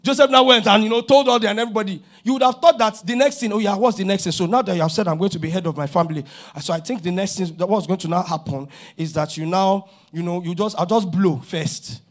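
A middle-aged man with a Nigerian accent, preaching a sermon as pastor, animated and acting out dialogue, rising to shouts. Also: high-pitched, fast, few pauses.

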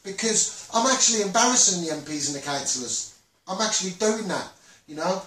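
High-voiced Scouse man on a live stream. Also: expressive, a little fast, pushed and bright. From Liverpool. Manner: rambling, repetitive, with frequent restarts and "um"s. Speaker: Facebook live host and campaigner. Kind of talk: impassioned live stream monologue. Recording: roomy echo, distant from the mic.

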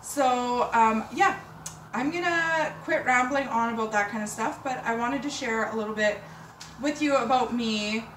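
A woman vlogs about fashion in a loose, rambling chat that swings into bright, excited bursts. Her voice sits a little high and bounces around an echoey apartment room. She is recorded from a distance, with faint city sounds behind her. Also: a little slow, slight background noise. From Canada. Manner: rambling, emotional, bubbly with sudden bursts of excitement. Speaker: fashion vlogger. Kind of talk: casual chat to camera. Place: apartment room with door open, city sirens outside. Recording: roomy, mic at a distance. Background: faint city ambience.

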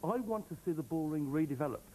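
A man's voice: fairly high pitch, lively intonation, fast talker, mellow, poor audio. A man speaking as a councillor in a studio debate, emphatic and repetitive in making his point. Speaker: opposition councillor. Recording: TV studio with audience.

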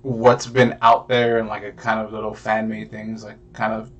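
A man's voice: on the low side, completely flat delivery, moderate pace, lo-fi sound. A young man co-hosting a podcast, chatting casually with a rambling, profane manner and plenty of fillers. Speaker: podcast co-host. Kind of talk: casual chat.

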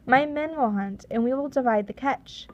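A woman voicing a bold Russian sea captain, a tall man who bargains loudly and insistently in a storybook reading. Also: high-pitched, moderate pace, highs cut off, lightly acted. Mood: bargaining. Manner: loud, insistent, pushy.

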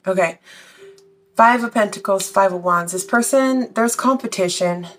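A woman's voice: mid-range voice, moderate pace, a bit bright. A woman doing a casual tarot reading, chatty and blunt, swearing freely and a little out of breath. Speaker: tarot reader.

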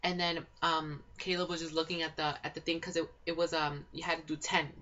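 A young woman giving a casual, gossipy reality show recap, excitable and swearing a lot, with constant filler words. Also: sits low, brisk, a little hiss or hum. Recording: dull lo-fi home recording.

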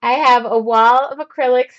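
A woman's voice: a little high, fairly even intonation, normal speed, highs cut off. A middle-aged woman teaching a live-streamed painting session in a chatty, rambling way, laughing often. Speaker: art instructor.

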